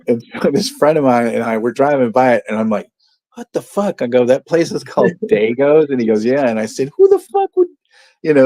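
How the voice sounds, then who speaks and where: A man's voice: mid-range voice, warm tone, no room sound. A man co-hosting a movie watch party, swearing freely, laughing often and telling rambling anecdotes. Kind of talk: casual chat.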